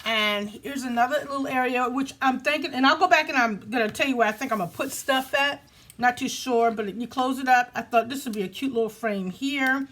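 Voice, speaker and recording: A woman's voice: on the high side, a little fast, a bit bright. A woman hosting a casual crafting tutorial, chatty and self-laughing, talking straight to her viewers. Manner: chatty, laughs at herself, talks to viewers as y'all. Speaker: crafting video host.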